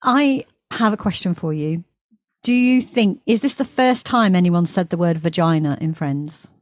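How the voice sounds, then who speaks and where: A woman's voice: on the low side, normal speed, no echo. A woman co-hosting a podcast, chatting casually and thinking aloud about a TV show. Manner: rambling, thinks aloud with restarts. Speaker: podcast co-host.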